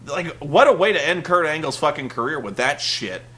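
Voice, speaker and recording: A man with a high, bright, sharp-edged voice delivers a rambling rant as a show host. He sounds exasperated and sarcastic, swears freely and keeps restarting his sentences. The talk is loose and full of filler words. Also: expressive, normal speed. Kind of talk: ranting monologue review.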